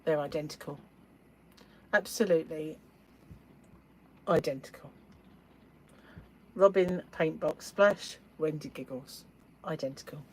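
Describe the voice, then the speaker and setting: Middle-aged English woman, live-stream host, rambling chatty delivery with frequent laughs, lower voice. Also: slight background noise, rough recording. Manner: gushing over yarn colours. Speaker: yarn shop owner and livestream host. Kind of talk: casual chat while crocheting.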